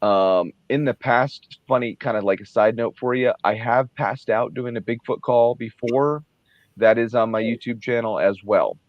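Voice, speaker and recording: A man's voice: mid-range voice, normal speed, no room sound, highs cut off. A man in his thirties, a guest talking casually and easygoingly, with many fillers and restarts. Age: 30s. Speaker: guest, Bigfoot researcher. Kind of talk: casual conversation.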